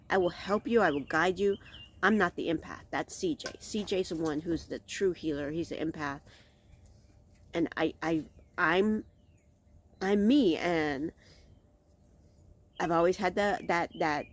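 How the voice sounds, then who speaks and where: A middle-aged woman hosting a casual vlog outdoors, talking candidly and rambling, often restarting her thoughts. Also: fairly low pitch. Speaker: vlog host. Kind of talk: casual reflective vlog monologue.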